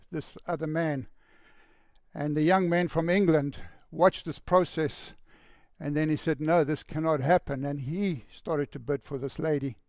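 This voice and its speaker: A man preaching with a slightly higher, gravelly voice. He tells a story earnestly and softens to a near hush for the quoted lines. The sound is dry and close. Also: dry recording. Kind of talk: sermon storytelling.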